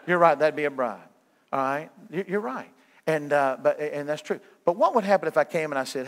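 A man's voice: on the high side, quick pace, bright, forceful tone. A middle-aged man preaching a sermon as a guest evangelist, folksy and joking with his listeners.

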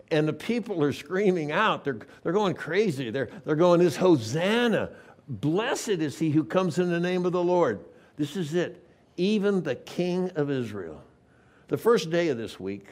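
A man as a pastor preaching a sermon, telling the story with sudden swings between loud passages and hushed ones. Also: on the high side.

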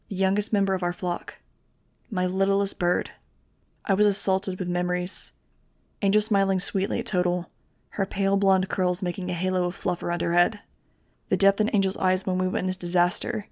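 A woman reading a novel aloud in the first person, with a steady, measured delivery. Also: fairly low pitch, dry recording, studio quality. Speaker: audiobook reader.

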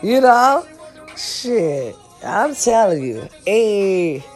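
An older woman giving a loud, sassy, profane pep talk to her followers. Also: mid-range voice, sing-song, extremely slow, soft background music. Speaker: vlogger.

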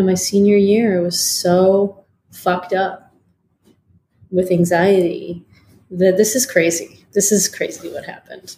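A woman's voice: fairly low pitch, dark tone, slight background noise. A woman in her forties from Detroit, telling her life story as a guest, frankly, with lots of swearing and fillers. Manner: frank and profane, many fillers. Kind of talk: candid interview storytelling.

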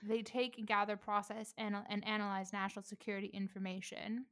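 A woman's voice: mid-range voice, little pitch movement, a little fast, fairly bright tone. Giggly woman explaining things. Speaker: podcast co-host. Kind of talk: casual podcast chat.

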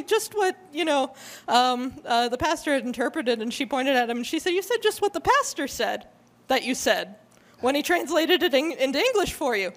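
A woman sharing a personal testimony in church, hesitant with many fillers, growing animated as she retells the story. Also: sits high, brisk.

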